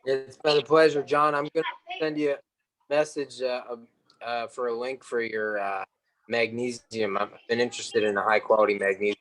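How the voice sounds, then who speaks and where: A participant thanks the coach, then stumbles over fillers while asking a follow-up. The voice sits at a middle pitch, distant, with faint background noise on the line. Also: steady tone, normal speed, fairly bright tone. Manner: hesitant, many fillers.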